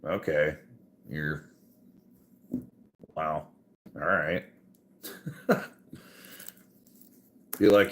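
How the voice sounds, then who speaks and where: A man's voice: rumbling low, fairly even intonation, very slow, pauses often, a bit bright. A man telling a profane, exasperated story on a casual podcast, laughing often as he goes. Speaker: podcast host.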